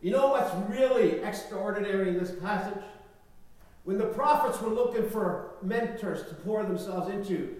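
A man preaching a sermon with emphatic, repetitive phrasing and big swings between quiet and loud, in a large church hall. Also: high voice, moderate pace. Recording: echoey hall, voice from far off.

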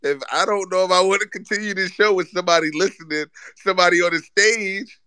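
A man co-hosting a casual live-audio chat, roasting a friend loudly and profanely with lots of laughter. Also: sits high, fast talker, clean tone, dry recording. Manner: loud, profane, teasing roast with frequent laughter. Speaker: podcast co-host.

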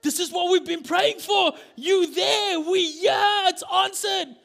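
A preacher voicing an overjoyed young servant woman who shouts with excitement. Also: very high-pitched, unhurried, full character voice. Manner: excited, shouting over herself.

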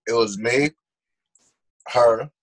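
A man's voice: medium pitch, extremely slow. A man with a New York accent telling blunt, profane stories as a podcast co-host in casual chat.

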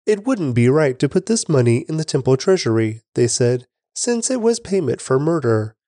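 Mellow-voiced man reading scripture. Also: medium pitch, no room sound, studio quality. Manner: measured, steady narration. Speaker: Bible reader.

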